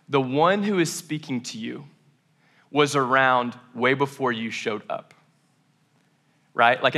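Bright-voiced young male pastor preaching casually. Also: fairly high pitch. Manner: casual, conversational preaching with frequent "right?" and "like"; acts out voices of biblical figures in quoted asides. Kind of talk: sermon.

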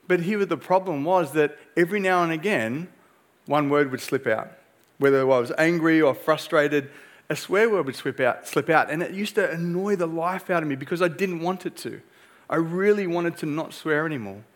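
Pastor, middle-aged man, fairly high voice, earnest conversational sermon delivery. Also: normal speed. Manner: earnest, conversational preaching with rhetorical "right?".

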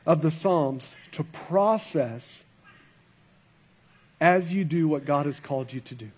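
A man, a guest pastor, preaching a sermon at a church service, earnest and emphatic, asking rhetorical questions and repeating phrases for weight. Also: fairly high pitch.

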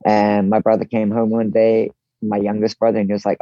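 A relaxed man with a New Zealand accent, chatting as a podcast guest. His voice sits low and mellow, recorded close and dry. The sound is a little dull and lo-fi. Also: brisk, no echo. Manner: relaxed, easygoing, voices others' quotes in his telling. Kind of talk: casual storytelling interview.

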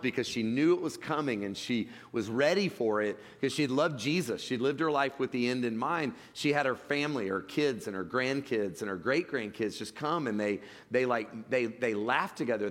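A man delivers a sermon to his congregation in a loose, conversational style, doubling back on his words as he goes. His voice sits at a middle pitch and trails off into the long reverb of a large hall. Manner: conversational preaching with frequent restarts and fillers. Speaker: pastor. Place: church sanctuary.

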